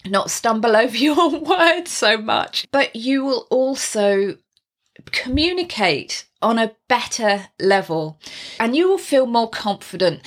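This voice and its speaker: A woman's voice: mid-range voice, a bit bright. A woman presenting a friendly, explanatory lesson on video call skills, speaking casually to camera with small restarts and light laughs. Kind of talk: casual instructional talk to camera.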